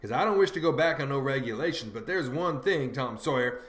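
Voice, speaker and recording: A man's voice: medium pitch, lively intonation, a little fast, fairly bright tone, natural voice. A man voicing a plain-spoken, skeptical teenage boy who talks in practical folksy dialect, in an audiobook reading. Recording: roomy echo.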